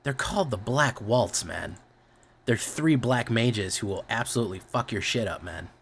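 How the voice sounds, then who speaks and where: A man's voice: lowish voice, lively intonation, normal speed, a bit bright, a little hiss or hum. A man streaming, chatting casually, rambling and often correcting himself, with a lot of swearing.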